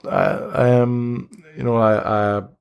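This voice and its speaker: A man running a tabletop game as game master, narrating a scene in a loose, rambling way. He leans heavily on fillers like "you know" and "um" as he describes the action. His pitch sits mid-range. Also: little pitch movement, slow pace, gravelly, darkish tone, clean tone.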